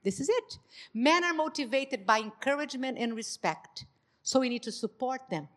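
A woman whose first language is Portuguese, giving a church talk on marriage and acting out dialogue with lively emphasis. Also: sits high, moderate pace. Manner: animated, acts out quoted dialogue. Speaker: marriage ministry speaker.

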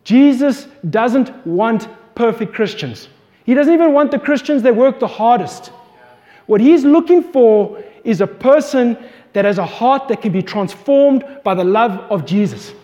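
The recording carries long hall reverb as a pastor preaches in an extremely high, dark-toned voice with lively intonation and an unhurried pace. He passionately retells a scripture story and questions his listeners.

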